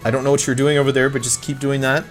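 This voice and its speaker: A man's voice: mid-range voice, level tone, racing, soft background music, pitched above the performer's own voice, lightly acted. A man playing an urgent young woman in a tabletop game who questions the group sharply. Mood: commanding. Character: startled, commanding young woman of the city.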